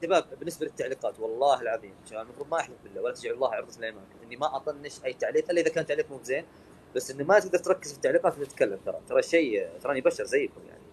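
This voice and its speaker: A man hosting a live stream chat, talking in a very fast rush, with a mid-range voice. He jokes around and fills his English with uh sounds. A faint hiss of noise sits under him. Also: mid-range voice, expressive, poor audio. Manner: rapid-fire, jokey, hesitant with many uh fillers in English.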